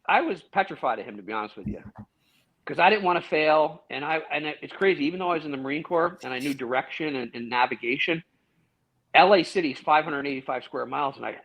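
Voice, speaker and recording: A middle-aged man, a guest in a casual interview, telling a long story with lively acted-out quotes and frequent restarts. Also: medium pitch. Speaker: guest, former police officer. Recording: dull, lo-fi sound.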